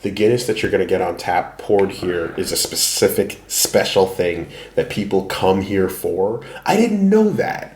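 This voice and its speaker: A man's voice: sits low, moderate pace, few pauses. Canadian man in an echoey room. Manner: animated, swears, self-deprecating. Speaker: podcast host. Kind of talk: casual podcast chat. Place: apartment.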